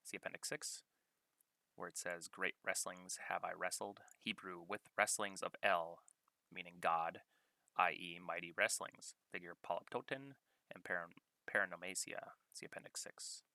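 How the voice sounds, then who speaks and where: A man with a low, forceful voice reads scripture aloud, working slowly and deliberately through verses and their study notes. The sound is dry and close. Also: steady tone, vocal fry, no echo. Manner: measured, deliberate reading, pausing to cite references. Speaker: scripture reader. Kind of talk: reading scripture aloud with study-note commentary.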